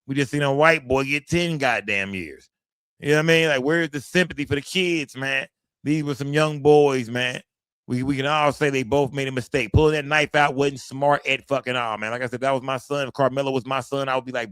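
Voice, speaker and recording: A man at a middle pitch hosts a livestream, talking straight to his chat. He speaks emphatically and swears freely. The sound is dry and close, with no room echo. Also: fairly even intonation, fairly quick, fairly bright tone, clear, resonant tone. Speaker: livestream host. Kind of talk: livestream commentary.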